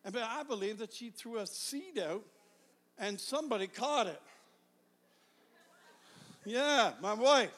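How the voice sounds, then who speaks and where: High-voiced shouting evangelist in a hall. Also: male voice, lively intonation, measured pace, pauses often. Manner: swings between shouted fervor and quiet confiding. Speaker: evangelist preacher. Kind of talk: sermon. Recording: long hall reverb.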